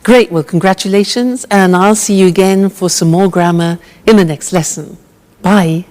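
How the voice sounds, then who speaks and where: A woman teaching English grammar with a slow, clear drill, patient and encouraging. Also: on the low side, steady tone, a little mellow, long reverb tail.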